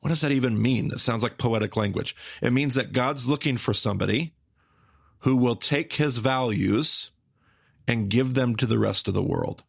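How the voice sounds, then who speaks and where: Gravelly, emphatic man teaching on a podcast. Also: mid-range voice, no room sound, studio quality. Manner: emphatic, repetitive, with rapid bursts and slow stressed phrases. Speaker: podcast host teaching the Bible. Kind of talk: animated teaching conversation.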